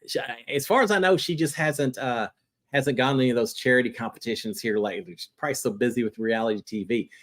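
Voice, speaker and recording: A man hosting a live reality-TV chat show, answering viewer questions in a chatty, animated way. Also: medium pitch, fast talker. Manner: chatty and animated, jumping between topics.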